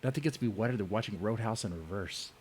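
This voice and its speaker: A man's voice: fairly low pitch, fast, darkish tone, a little hiss or hum. A man hosting a casual comedy podcast, who laughs often and stumbles over his words. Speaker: podcast host.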